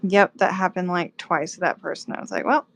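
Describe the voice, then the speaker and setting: Woman co-host, gravelly, talkative and quick to laugh. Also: lowish voice, fairly even intonation, a bit bright. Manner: chatty storyteller, laughs easily. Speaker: co-host, artist. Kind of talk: casual chat while painting.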